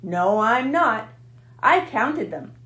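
Woman reading as a tired, wise female spider, soft and gentle, slow, storybook, echoey room. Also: on the high side, very animated, exaggerated voice. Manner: quiet and gentle, weak-voiced.

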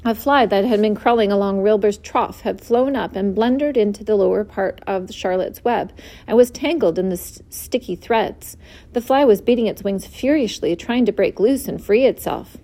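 A woman reading a children's book aloud, expressive and clear. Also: mid-range voice, normal speed. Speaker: storyteller.

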